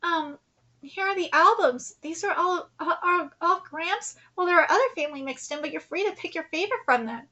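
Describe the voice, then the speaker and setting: A woman's voice: very high-pitched, lively intonation, a little fast, pushed and bright, muffled recording. A woman streamer reading manga aloud and reacting live, emotional and near tears, with laughing asides.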